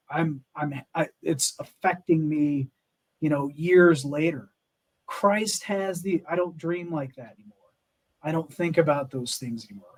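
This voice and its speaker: A man's voice: a little high, low-quality recording. A middle-aged American man, a military veteran, telling his story in an earnest, emphatic interview with many fillers and restarts. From United States. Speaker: podcast guest, Army Ranger veteran. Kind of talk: candid interview talk.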